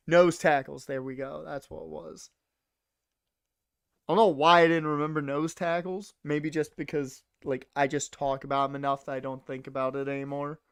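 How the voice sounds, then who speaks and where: A man's voice: fairly high pitch, smooth, no echo, studio quality. A young man rambling casually to his chat while streaming a game. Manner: rambling, chatty, talks to chat.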